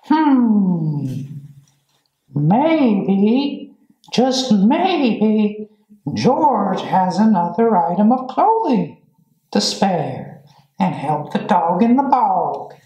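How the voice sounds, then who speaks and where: A woman reading a children's picture book aloud in a slow, sing-song, expressive way. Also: mid-range voice. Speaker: children's storyteller. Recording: echoey room.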